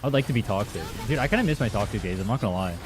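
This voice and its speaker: Young male game streamer, quick and animated, loose and profane, answering chat as he plays, quiet music behind. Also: fairly low pitch. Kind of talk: casual livestream chat while gaming. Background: faint music from his playlist.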